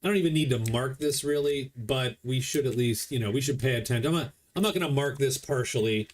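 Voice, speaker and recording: A man's voice: medium pitch, a little fast, a little hiss or hum. A man casually commenting as he plays a board game solo, explaining the rules as he goes. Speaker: board game player streaming a solo playthrough.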